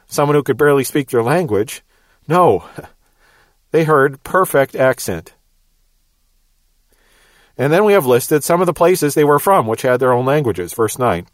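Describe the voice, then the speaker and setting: A man's voice: mid-range voice, dry recording. A man with a Midwestern American accent teaching the Bible verse by verse, explaining patiently and repeating words as he goes.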